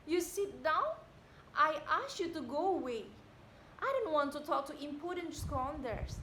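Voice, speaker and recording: Young woman playing a haughty high-voiced widow. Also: measured pace, slight background noise. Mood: furious. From Indonesia. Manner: declamatory, rising to indignant shouting. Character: proud young widow, haughty and quick to anger. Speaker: student actor. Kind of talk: amateur stage drama reading. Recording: echoey room.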